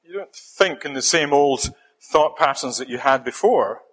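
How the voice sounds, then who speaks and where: Scottish preacher with a bright voice. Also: male voice, mid-range voice, expressive, rough recording. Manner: gentle, halting with frequent fillers and restarts. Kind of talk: sermon.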